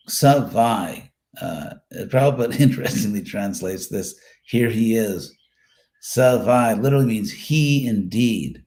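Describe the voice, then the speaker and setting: A man giving a live scripture class, explaining words one by one in a relaxed, thinking-aloud way with fillers and repeated phrases. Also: lowish voice. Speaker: Sanskrit scripture teacher.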